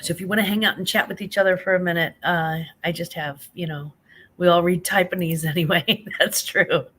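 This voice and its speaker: A woman's voice: fairly low pitch, steady tone, a little fast, a bit bright, a little hiss or hum. A half-awake woman hosting a casual late-night live stream on her phone, chatting and reading viewer comments aloud, calling people honey.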